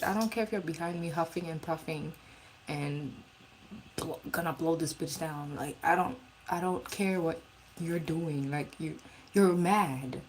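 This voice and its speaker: Blunt, profane woman with a low voice. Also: slight background noise, poor audio. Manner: rambling, restarts. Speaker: live streamer. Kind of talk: casual storytime chat.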